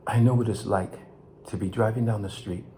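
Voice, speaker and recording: An older man from Los Angeles, talking straight to his viewers in an emotional monologue, his voice climbing high when he is angry and sinking low and quiet as he reflects. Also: fairly even intonation, brisk, slight background noise. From Los Angeles, California. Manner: impassioned, rising to near shouts then dropping low. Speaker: vlog host.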